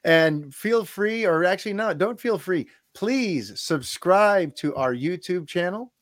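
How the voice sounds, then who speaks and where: Male podcast co-host, fairly high voice, eager and rambling, dry close sound. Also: lively intonation, a little slow, dry recording. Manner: enthusiastic, rambling with restarts. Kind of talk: casual podcast chat.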